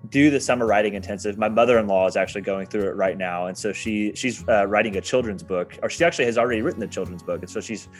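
A man's voice: lowish voice, fast talker, hardly any pauses. A young man hosting a podcast, chatting casually with a guest, upbeat and laughing often. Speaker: podcast host. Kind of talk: casual interview chat and outro. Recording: music bed behind the voice.

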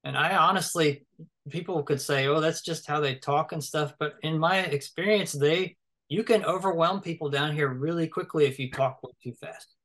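A man's voice: on the high side, moderate pace, fairly bright tone. Man, casual guest chat, meandering speech full of fillers and self-corrections. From American South. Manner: rambling, thinks aloud with many fillers and restarts. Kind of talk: casual conversation.

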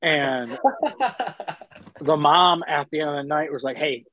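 A man's voice: a little high, expressive, takes it slowly, sharp tone, dull audio. A man, a professional wrestler, telling rambling profane stories in casual chat, often stopping to apologize.

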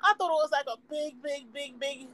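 A woman's voice: sits high, brisk, fairly bright tone, rough recording. A young woman chatting casually, filling her talk with "like" and "you know" and laughing often. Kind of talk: casual chat.

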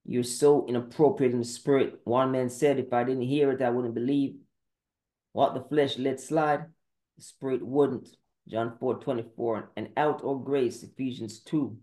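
This podcast preacher has a medium-pitched, dark-toned voice. In a sermon monologue, he fires off terse Bible verse citations in a confrontational way.

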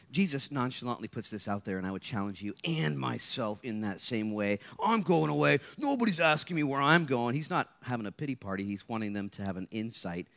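A man, a guest speaker, preaching a lively sermon to students at a live gathering, playful and energetic, jumping from loud bursts to hushed asides. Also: mid-range voice.

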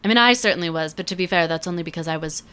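Brief: woman in her 20s, podcast host, casual sarcastic chat, smooth clear tone. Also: on the low side, sharp tone. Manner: chatty, sarcastic, puts on quick voices for others. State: feels she is losing her voice.

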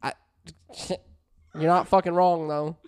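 A man's voice: a little high, little pitch movement, takes it slowly, darkish tone, clean tone. A man co-hosting a podcast, trading crude jokes in casual banter. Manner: crude, joking, often breaks into laughter. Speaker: podcast co-host.

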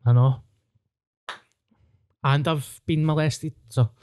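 Scottish male podcast host, relaxed storyteller, dark mellow voice. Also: on the high side, slow, clear, resonant tone. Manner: casual storytelling, laid-back. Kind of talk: casual podcast chat.

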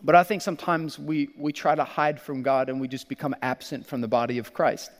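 A man preaching a sermon as pastor, animated, laughing often and acting out quoted lines. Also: mid-range voice, a little fast, long reverb tail.

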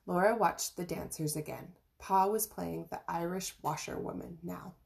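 A woman reading a children's storybook chapter aloud in a gentle, even way, with small slips and restarts. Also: lowish voice, normal speed, gravelly. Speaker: reader of an audiobook chapter.

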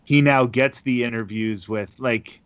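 A man who works in radio, a guest in a casual interview, telling stories in a relaxed way and laughing between points. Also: medium pitch, measured pace, clear, resonant tone, no echo, lo-fi sound.

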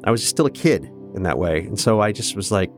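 A man's voice: fairly low pitch, expressive, brisk, soft background music. A middle-aged man from Kansas, a guest candidly recounting his own family story with restarts. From Kansas, United States. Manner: earnest, candid, with restarts and laughs. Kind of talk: reflective personal storytelling.

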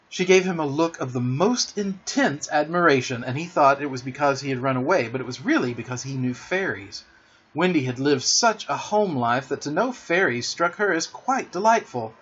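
A man narrating a children's storybook in an animated, theatrical reading, recorded dull and lo-fi. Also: mid-range voice, normal speed, husky. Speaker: audiobook narrator.

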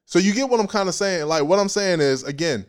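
A man preaching a casual sermon in an animated, playful way, with slang and frequent laughs. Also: high voice, brisk, clean tone.

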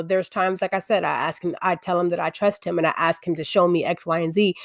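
A woman's voice: lowish voice, dry recording, studio quality. A woman giving an earnest, confessional faith-based talk, often restarting her sentences.

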